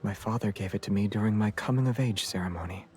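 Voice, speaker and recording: An actor voicing a gentle, composed young male love interest in a game, speaking softly and calmly. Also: on the low side, quick pace, a little hiss or hum, close to an everyday voice. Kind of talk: game voice acting.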